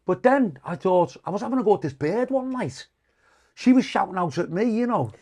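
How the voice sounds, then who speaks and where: Male comic guest, high and gravelly voice, crude swearing storyteller. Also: expressive, brisk, darkish tone. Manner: crude, swearing anecdotes with acted-out quotes. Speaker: comedian guest. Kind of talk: casual storytelling.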